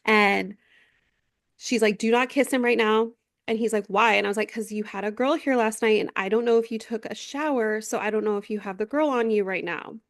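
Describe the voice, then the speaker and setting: A woman's voice: mid-range voice, brisk, no echo, clean studio sound. A woman in her thirties co-hosting a podcast, telling a story in casual chat, acting out quotes and swearing freely. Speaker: podcast co-host. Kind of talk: casual chat recapping a reality show.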